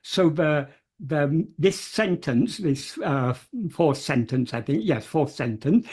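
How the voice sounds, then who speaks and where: A speaker giving a careful, word-by-word explanation, pausing often with fillers and gently repeating key terms. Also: mid-range voice, animated, husky. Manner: hesitant, many pauses and fillers, gentle repetition of terms. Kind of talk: slow, careful explanatory talk.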